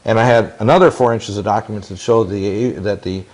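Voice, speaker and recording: With a fairly low, slightly mellow voice and fairly even intonation, this man speaks a little fast. He's in his sixties, telling long-winded stories in an interview, intense and rambling, often restarting and quoting others.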